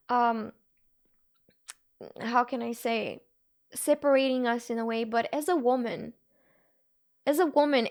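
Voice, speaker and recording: A young woman from Bulgaria, a live streamer, talking to her chat in a halting, earnest and emotional way. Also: high-pitched, fairly bright tone.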